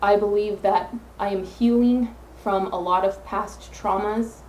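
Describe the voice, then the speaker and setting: A woman's voice: medium pitch, fairly even intonation, measured pace, darkish tone, echoey room, rough recording. A woman hosting her own podcast alone, talking earnestly into her phone and rambling through self-affirmations. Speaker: podcast host. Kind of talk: solo podcast monologue.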